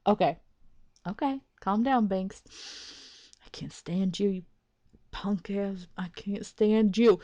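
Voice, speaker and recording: A woman's voice: mid-range voice, slow, long pauses, warm tone. A woman hosting a let's play of a visual novel, giving casual, exasperated commentary with frequent swearing and laughter.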